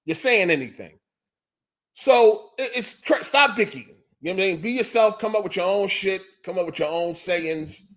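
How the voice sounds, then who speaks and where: A man's voice: high voice, expressive, moderate pace, fairly bright tone. A man hosting a podcast, ranting in a heated, profane and repetitive way. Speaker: podcast host. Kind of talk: ranting solo podcast monologue.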